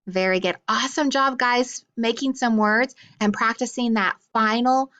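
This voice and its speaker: A woman teaching a phonics lesson in an upbeat, encouraging way, sounding out letters slowly. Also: fairly high pitch, a bit bright.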